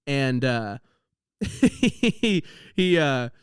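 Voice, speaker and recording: A man's voice: mid-range voice, big pitch swings, very slow, clean tone, dry recording, clean studio sound. A man who hosts a comedy podcast, telling stories in a rambling way and breaking into laughter mid-sentence. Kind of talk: comedic storytelling monologue.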